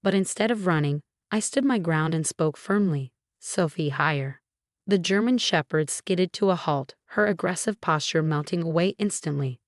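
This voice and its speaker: A woman reads a first-person story aloud in a steady, measured voice. Her tone sits low, and the recording is dry, with no room sound. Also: no echo. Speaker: narrator.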